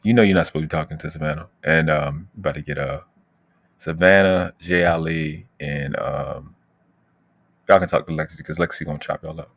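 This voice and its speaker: A man's voice: a bass voice, fairly quick, vocal fry, fairly bright tone, no room sound. A brash, slangy man from the United States hosting his channel's casual livestream, trash-talking and boasting as he talks to his chat. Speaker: channel host.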